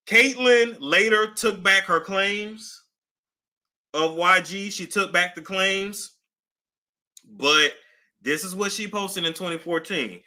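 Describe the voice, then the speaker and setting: In a lowish voice, a woman hosts a casual celebrity gossip chat, animated and punctuated by nervous laughter and dramatic gasps.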